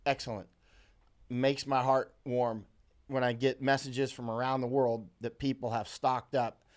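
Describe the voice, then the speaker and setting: A man's voice: medium pitch, little pitch movement, measured pace. An American man hosting a live stream, chatting casually and rambling with many fillers and restarts as he reads viewer comments aloud. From USA.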